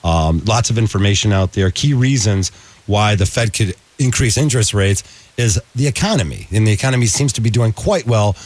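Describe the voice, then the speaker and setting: A man's voice: fairly low pitch, a little mellow. A man hosting a call-in mortgage radio show, giving easygoing, upbeat updates.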